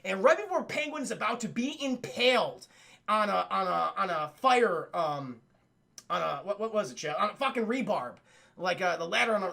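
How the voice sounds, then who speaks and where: Male streamer, high voice, gravelly fry, foul-mouthed rambling commentary to chat. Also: sharp tone. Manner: profane, rambling, keeps addressing the chat. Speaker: streamer reviewing a cartoon. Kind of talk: casual live-stream commentary.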